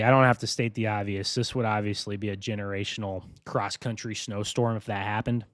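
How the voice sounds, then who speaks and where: A man hosting a live weather briefing, talking casually and excitedly to his viewers. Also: on the low side, normal speed, no room sound, studio quality. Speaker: weather streamer.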